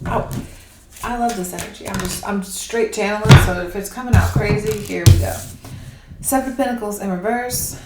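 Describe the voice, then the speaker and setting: A woman giving a casual, rambling tarot reading, animated and laughing often. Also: medium pitch, normal speed. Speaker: tarot reader. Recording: echoey room with faint hiss.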